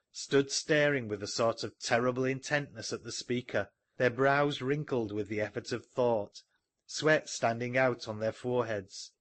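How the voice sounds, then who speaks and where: Male audiobook narrator: measured delivery, average pitch, dry close recording. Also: a bit bright, dry recording. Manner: measured storytelling. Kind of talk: scripted narration.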